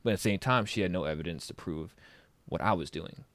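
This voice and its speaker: A man's voice: low-pitched, fairly quick, fairly bright tone, dry recording. A man co-hosting a livestream, talking in an earnest, rambling way and often restarting his thoughts. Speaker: stream co-host. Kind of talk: casual chat on a livestream.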